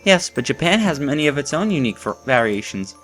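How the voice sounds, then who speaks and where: A man's voice: fairly high pitch, very animated, quick pace, faint music behind, pitched above the performer's own voice. A man putting on a polite young woman. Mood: explaining. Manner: soft, courteous and formal. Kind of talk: reading game dialogue aloud.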